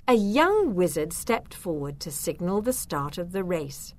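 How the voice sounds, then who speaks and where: Woman storyteller for a kids' book, slow, very lively pitch. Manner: expressive, unhurried. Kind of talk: children's story reading.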